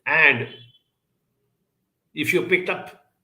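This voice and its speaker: A middle-aged man giving a motivational talk, telling personal stories in an earnest, animated way. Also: on the high side, very slow, rough recording. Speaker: speaker.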